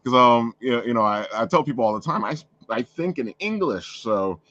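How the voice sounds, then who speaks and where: A man hosting a relaxed conversation, circling around his points with restarts and little laughs. His voice sits at an ordinary middle pitch. The sound is somewhat dull and lo-fi. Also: fairly quick. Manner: rambling, with frequent restarts and laughter. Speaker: podcast host. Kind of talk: casual chat.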